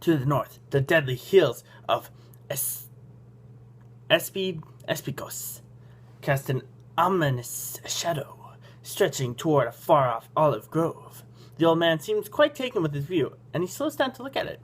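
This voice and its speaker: A man's voice: on the high side, very animated, unhurried, breathy edge. Goofy man reading a story game aloud. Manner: goofy, self-mocking. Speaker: game channel host.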